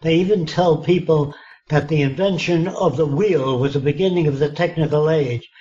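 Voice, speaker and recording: A man's voice: on the high side, normal speed, mellow. A man in his nineties giving an interview, blunt and emphatic, often checking that he is understood. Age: 90s. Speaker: interviewee, futurist. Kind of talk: conversational interview. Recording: dull lo-fi sound.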